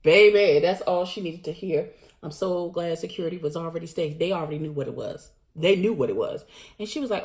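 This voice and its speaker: Woman vlogger, slightly low voice; blunt, slangy, animated recap delivery. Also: fairly quick. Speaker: vlogger recapping a reality show. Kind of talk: casual recap monologue.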